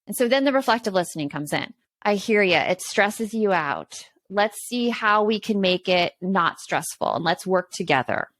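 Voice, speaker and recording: A woman's voice: medium pitch, lively intonation, normal speed, a bit bright. A woman co-hosting a casual parenting podcast, explaining earnestly with examples from her own home. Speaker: podcast co-host.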